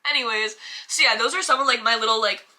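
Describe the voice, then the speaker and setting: A young woman vlogging casually to camera, chatty and animated, with lots of fillers and quick self-talk. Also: fairly high pitch. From United States.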